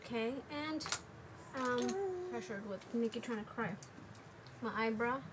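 This makeup vlogger has a voice on the high side and takes her time. Casually demonstrating her makeup at home, she rambles with many fillers over noticeable background noise.

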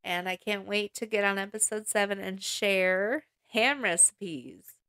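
A woman of middle pitch hosts a home cooking podcast and reads recipes out one item at a time. She adds casual, chatty asides between the steps. The sound is close and dry. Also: a little slow, bright, forceful tone, no echo. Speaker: podcast host.

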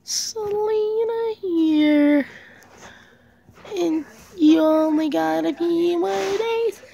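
A woman voicing a shrill, scheming girl with a sing-song, drawn-out delivery. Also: gravelly, mellow, full character voice. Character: shrill scheming girl who threatens the dog. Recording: crowd noise behind.

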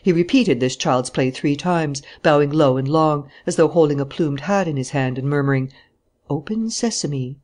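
An audiobook narrator reading a novel in a steady, even storytelling manner. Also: medium pitch, normal speed, hardly any pauses. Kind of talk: scripted narration.

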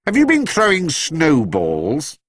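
A man's voice: a little high, wildly swooping pitch, takes it slowly, fairly bright tone, no room sound, clean studio sound, voice pushed up, heavily acted. A man playing a grumpy, barking old neighbour. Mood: grumbling. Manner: gruff, barking, suspicious. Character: grumpy, suspicious older male neighbour.

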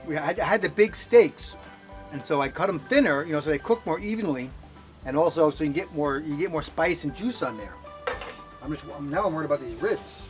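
A man with a fairly high, lively voice talks a little fast over music as he co-hosts a casual cooking segment on camera from his home kitchen and grill. He rambles and keeps restarting his sentences.

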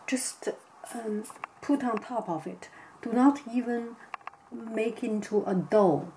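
A woman chatting casually to camera about her home baking, halting and full of fillers, cheerfully poking fun at herself. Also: mid-range voice, mellow, slight background noise, rough recording. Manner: slow, halting, with many fillers; self-deprecating and cheerful. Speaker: home cooking vlogger.

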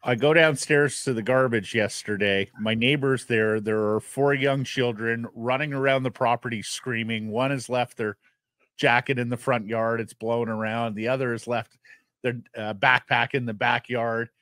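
A man from Ontario co-hosting a sports radio show, chatting briskly and telling wry stories. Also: mid-range voice, fairly even intonation, a bit bright, no room sound. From Ontario, Canada. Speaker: radio co-host.

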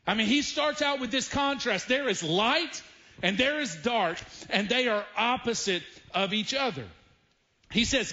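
A pastor with a Southern US accent preaching a sermon in a church, speaking emphatically and slowing down to stress key phrases. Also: male voice, high-pitched, bright, forceful tone, muffled recording. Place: church sanctuary.

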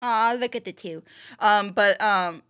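A woman's voice: medium pitch, measured pace, fairly bright tone, smooth. A woman chatting casually as she reacts to a cartoon episode, rambling with fillers and restarts. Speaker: reaction video host. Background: show audio with music.

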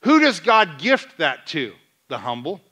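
A man preaching a sermon as pastor, asking the congregation questions and retelling scenes in lively dialogue. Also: on the high side, a little slow, breathy edge. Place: church sanctuary.

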